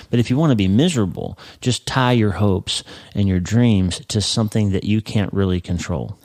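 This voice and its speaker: Low, mellow-voiced man giving motivational talk. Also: dry recording, studio quality. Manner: earnest, acts out inner voices with rising excitement. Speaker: podcast host.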